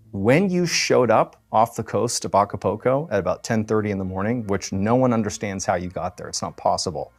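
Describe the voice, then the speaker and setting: A man telling a strange story in a casual, conversational way, with many fillers. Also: lowish voice.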